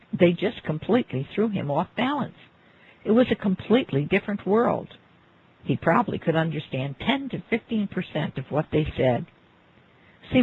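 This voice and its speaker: Husky gravelly man on a tinny recording. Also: sits high. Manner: unhurried, reflective, addresses the listener directly. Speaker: storyteller. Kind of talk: spoken narration of a life story. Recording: phone-like lo-fi recording.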